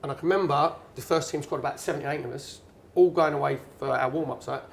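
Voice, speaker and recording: A man's voice: on the high side, quick pace, vocal fry, a little hiss or hum. A middle-aged man, a guest speaker at an event, telling a long anecdote and acting out what people said. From England. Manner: chatty, animated storyteller acting out quotes. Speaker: guest speaker, former footballer and pundit. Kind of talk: anecdotal storytelling on stage. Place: bar at a networking event.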